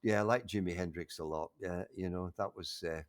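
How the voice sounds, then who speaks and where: Older man reminiscing with halting enthusiasm. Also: deep voice. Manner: halting, restarts often, warmly enthusiastic. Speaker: interview guest. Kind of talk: casual reminiscing conversation.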